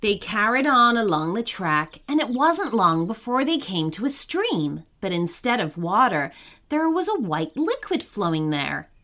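A woman narrating a children's story in an expressive, unhurried way. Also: mid-range voice.

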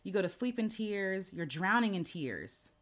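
A woman giving a heartfelt, earnest personal talk, speaking gently and often checking in with "right?". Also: mid-range voice, expressive, unhurried. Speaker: host.

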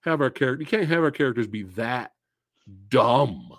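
A male podcast host talking casually about films. His pitch moves a lot in an animated way, and he vents frustration with blunt profanity. The sound is dry and close, with no room echo. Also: moderate pace. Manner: animated, exasperated ranting with profanity. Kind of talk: casual movie chat.

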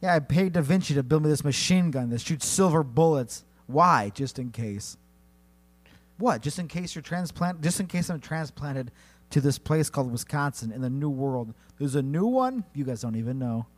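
A man co-hosting a comedy podcast, narrating a silly battle with lively delivery and sudden high-pitched character voices. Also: moderate pace. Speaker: podcast co-host. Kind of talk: comedic storytelling banter.

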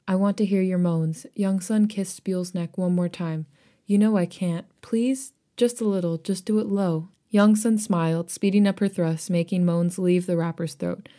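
A woman's voice: lowish voice, steady tone, normal speed, dark tone. A woman co-hosting a podcast, reading a story aloud and chatting casually, with laughter breaking in between passages. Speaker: podcast co-host reading fan fiction aloud.

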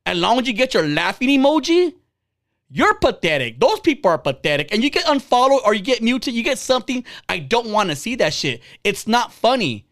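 A man's voice: very high voice, very animated, brisk, fairly bright tone. A man in his forties hosting a podcast, ranting bluntly and heatedly with lots of swearing. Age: 40s. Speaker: podcast host. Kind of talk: casual ranting podcast talk.

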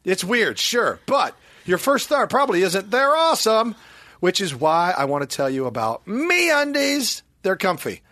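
A male podcast host with a lively, swooping voice jokes through casual banter and a playful ad read. His tone is bright and forward. The sound is dry and close. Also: high-pitched, unhurried, hardly any pauses, no echo. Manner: jokey, playful, breaks into mock shouting.

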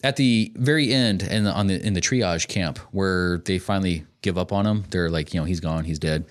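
A man with a slightly low voice chats casually as a podcast co-host. He rambles through his thoughts on a film in a loose, easygoing way. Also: moderate pace. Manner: laid-back, rambling, swears casually. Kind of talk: casual movie review chat.

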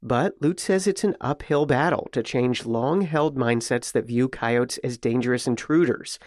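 A man reading a scripted radio news report in a measured, even storytelling way. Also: medium pitch, no echo, clean studio sound. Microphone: close studio mic.

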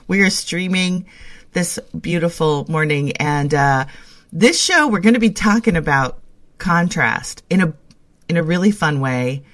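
A woman's voice: fairly low pitch, animated, measured pace. A woman co-hosting a spiritual internet radio show, chatting in a bubbly, gushing way and laughing often. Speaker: podcast co-host. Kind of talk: casual spiritual chat.

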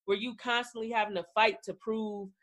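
A woman's voice: a little high, fairly even intonation, moderate pace, fairly bright tone. Blunt, profane woman co-host. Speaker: podcast co-host. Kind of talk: casual chat recapping reality TV.

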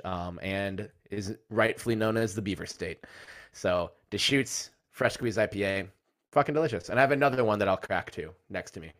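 A man's voice: sits low, fairly bright tone. A man co-hosting a sports podcast, joking around, laughing often and swearing freely. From United States. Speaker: podcast co-host. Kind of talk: casual sports podcast banter.

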